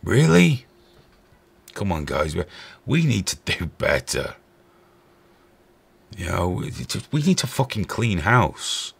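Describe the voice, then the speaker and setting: A man's voice: sits low, sing-song, slow, gravelly, pauses often, husky. A man hosting a stream with angry, profane, sarcastic ranting commentary. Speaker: host.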